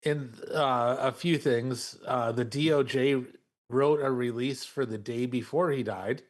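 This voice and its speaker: A man co-hosts a relaxed podcast, dropping dry, wry comments. His voice is mid-pitched and plain, with an easygoing delivery. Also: measured pace. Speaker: podcast co-host. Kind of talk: casual podcast chat.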